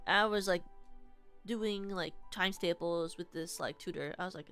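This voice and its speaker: A young woman streamer telling stories casually to her chat, animated, with lots of "like", shrieking when she relives the scary parts. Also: medium pitch, moderate pace, clean tone, faint music behind.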